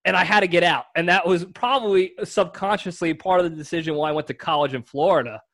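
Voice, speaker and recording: A young man with a high, light voice chats on a casual comedy podcast. He spins his stories with lively impressions and easy laughter, riffing with his co-host. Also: fast talker. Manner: animated storyteller, acts out voices and laughs.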